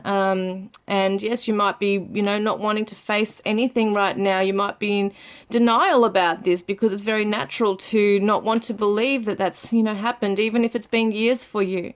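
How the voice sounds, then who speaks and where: Soft-spoken woman doing a tarot reading, calm and comforting, lots of ums. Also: medium pitch, normal speed. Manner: soft, soothing, with many fillers. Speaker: tarot reader. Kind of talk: gentle tarot reading monologue.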